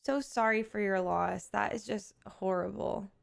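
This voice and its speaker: A woman streamer chatting casually with her viewers, animated and candid, often laughing and swearing freely. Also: mid-range voice, unhurried, vocal fry. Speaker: live streamer.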